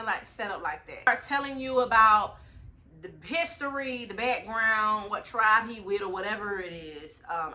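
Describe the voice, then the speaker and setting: A young woman telling a casual travel vlog story in slangy, animated talk straight to her viewers. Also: mid-range voice. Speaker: travel vlogger.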